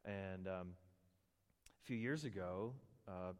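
A middle-aged man preaching a sermon, telling stories with animated asides and funny voices for characters. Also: low-pitched, slow pace, clear, resonant tone. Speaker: pastor. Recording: long reverb of a large hall.

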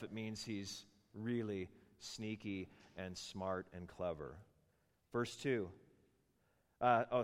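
A man's voice: mid-range voice, long reverb tail. A man preaching a sermon in a conversational, teaching manner, stressing points and asking rhetorical questions.

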